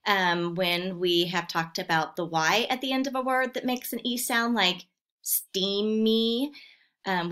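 A woman's voice: lowish voice, pushed and bright. A woman teaching a remote phonics lesson to second graders, patiently sounding out words syllable by syllable.

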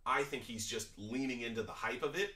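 A man's voice: medium pitch, a little fast, bright, forceful tone, roomy sound. A man hosting a reaction video, giving opinionated, critical commentary on a clip in a conversational way.

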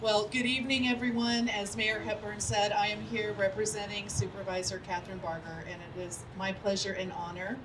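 A woman's voice: mid-range voice, flat delivery, a little fast, hardly any pauses, distant mic, noisy background. Heartfelt woman speaking at a ceremony. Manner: warm, heartfelt, a little emotional. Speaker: representative of a county supervisor. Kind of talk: short public remarks.

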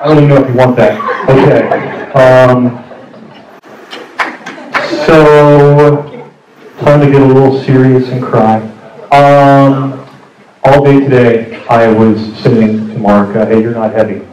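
A young man gives a wedding toast in a joking, rambling way, full of halting restarts. He sounds far from the mic. The reception hall is echoey and noisy. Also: medium pitch, fairly even intonation, a little mellow. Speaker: groom's brother giving a toast.

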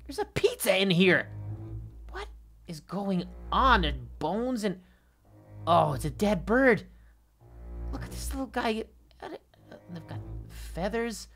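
A woman hosting a Minecraft adventure and telling it in the first person, her pitch swinging all over the place. She stammers and restarts as she talks, calling out to the viewers as guys. Music plays clearly underneath her. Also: big pitch swings, slow pace, pauses often. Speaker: Minecraft adventure channel host. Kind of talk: first-person game role-play narration. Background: background music.

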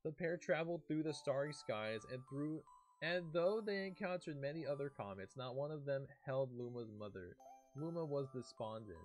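A man's voice: mid-range voice, normal speed. A young man on a game stream reads a storybook aloud. His voice rises and falls a lot as he stops to react and chat, and faint music plays behind him. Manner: lively, breaks off reading to react and chat.

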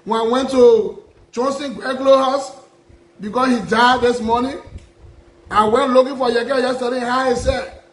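A man's voice: very high-pitched, steady tone, unhurried, echoey room, low-quality recording. A Liberian man, a self-styled prophet, making an impassioned public address full of repeated rhetorical questions. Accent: Liberian English. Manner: repetitive, aggrieved, rhetorical questions.

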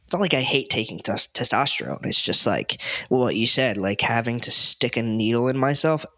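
A man's voice: mid-range voice, animated, normal speed, a bit bright, no echo, clean studio sound. A young man hosting a podcast in casual chat, talkative and cursing freely, laughing often.

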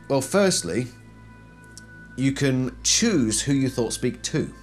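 Man, video essayist, low-pitched and animated, casual explainer with rhetorical questions. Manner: animated, poses rhetorical questions then answers them.

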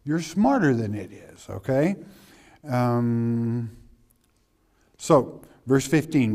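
A middle-aged preacher man working through scripture verse by verse at an unhurried, deliberate pace. His delivery is folksy and emphatic, and he keeps checking in with the congregation. His voice sits at a middle pitch. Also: very animated, darkish tone. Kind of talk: expository sermon.

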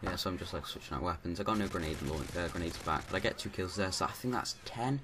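Deep-voiced man rambling over gameplay. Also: quick pace, noisy background. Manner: rambling, many restarts and fillers. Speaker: gameplay commentator. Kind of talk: casual gameplay commentary.

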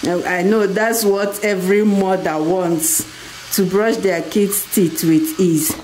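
Nigerian mom vlogger, unhurried delivery, playful coaxing tone, casual at home. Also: female voice, mid-range voice, fairly even intonation, a little mellow, slight background noise, low-quality recording. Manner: coaxing, playful, laughs often. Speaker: family vlogger, mother.

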